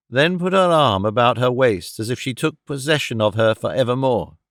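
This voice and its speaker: A man reading a classic novel aloud as an audiobook narrator, in a measured, steady manner. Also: medium pitch, no echo, clean studio sound. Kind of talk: scripted narration.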